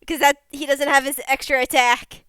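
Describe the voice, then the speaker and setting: High-voiced easygoing woman player. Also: little pitch movement, normal speed, pushed and bright, dry recording. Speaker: player in a tabletop game. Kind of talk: casual tabletop play, refers to her character in third person.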